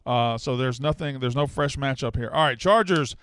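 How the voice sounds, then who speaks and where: Smooth-voiced man hosting a betting chat. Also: mid-range voice, normal speed, fairly bright tone. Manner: joking, teasing. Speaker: podcast host. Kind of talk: casual sports betting chat.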